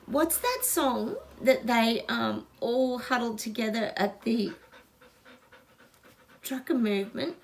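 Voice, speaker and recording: Slightly slow and creaky, with a voice on the high side, a middle-aged Australian woman gives viewers a casual psychic reading. She gushes, stresses her points emphatically, and becomes emotional. There's slight background noise.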